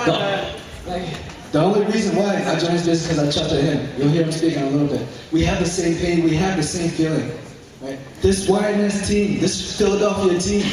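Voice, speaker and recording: A young man giving a fervent motivational speech to a business group, repeating key phrases and breaking into shouts. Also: high-pitched, fairly quick. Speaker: motivational speaker at a business meeting. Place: large indoor hall with a live audience. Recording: very echoey hall, mic far off, crowd.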